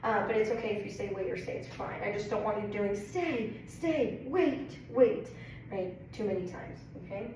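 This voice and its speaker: A woman's voice: medium pitch, little pitch movement, fast, hardly any pauses. A woman dog trainer giving a casual training demonstration, explaining plainly and often checking in with "right?" and "okay?". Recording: very echoey room, mic far off, faint noise.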